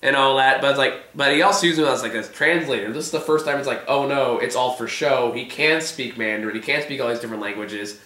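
Hoarse male vlog host, rambling and swearing, bright tone, roomy echo. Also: mid-range voice, fast talker, hardly any pauses. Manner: rambling, filler-heavy, swears casually. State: hoarse, voice giving out. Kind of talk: casual TV episode discussion.

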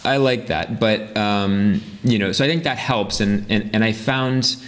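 American guest, low-pitched man, halting and full of restarts. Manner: hesitant, many restarts and fillers. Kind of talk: casual interview chat.

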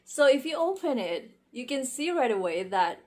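Giggly, expressive young woman vlogger. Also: high-pitched, normal speed. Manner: expressive, giggly, squeals in excitement. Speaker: vlogger unboxing wrestling merchandise. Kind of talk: casual unboxing vlog.

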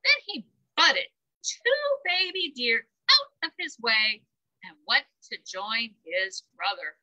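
A woman reads a children's story aloud at a very slow pace, with playful sound effects. Her voice is high and bright. Her pitch swoops widely with expression. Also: very animated, muffled recording. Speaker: library story time reader.

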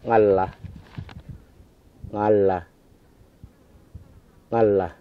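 Slow deliberate man on tinny field tape. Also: lowish voice, level tone. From Wadeye area, Northern Territory, Australia. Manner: says each word three times, slow and deliberate. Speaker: language speaker repeating words. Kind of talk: slow careful word repetition for recording.

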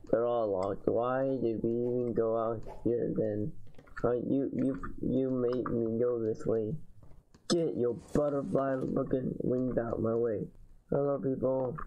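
A man's voice: mid-range voice, dull audio, a little hiss or hum. A man giving casual let's-play commentary, chatty and slangy, talking to fellow players. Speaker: gamer.

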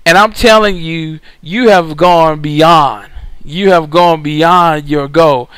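A man's voice: a little high, slow, a bit bright, smooth, no room sound, poor audio. A male preacher recording a sermon, telling a story with emphatic repetition.

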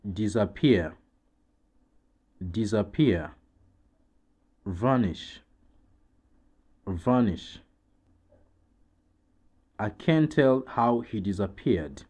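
Rwandan-accented male teacher, low and mellow, deliberate repeat-after-me delivery. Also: animated, husky. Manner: very slow, deliberate, repeats each word twice. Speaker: English teacher. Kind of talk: slow vocabulary drill with translations.

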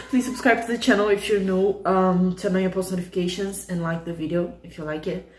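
A woman hosting a K-pop reaction video, gushing with excitable, breathless exclamations as she reacts. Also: medium pitch, a little fast, hardly any pauses, roomy sound. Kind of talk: casual reaction commentary. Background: faint music from the clip.

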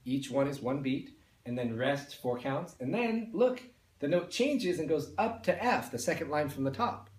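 A man's voice: on the high side, sing-song, normal speed, reverberant. Patient man teaching a beginner lesson. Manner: explains step by step, counts and sings along. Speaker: music teacher.

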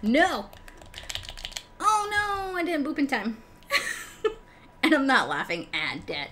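A young woman livestreams a game and chats casually with her viewers, laughing a lot and swearing freely. Her voice is high, bright and pushed, with huge swings in pitch, and she speaks slowly with frequent pauses. Faint background noise sits under the recording.

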